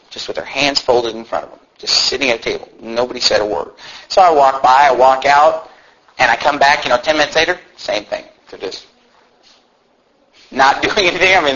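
The sermon comes from a man whose mid-range voice has a fairly bright tone. He narrates a story in an earnest, conversational manner full of restarts and asides, though the lo-fi recording is muffled.

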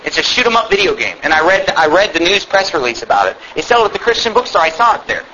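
Emphatic high-voiced male preacher. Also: big pitch swings, quick pace, bright, forceful tone, lo-fi sound, slight background noise. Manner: emphatic, sarcastic, reads scripture aloud with rising intensity. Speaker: pastor. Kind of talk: sermon.

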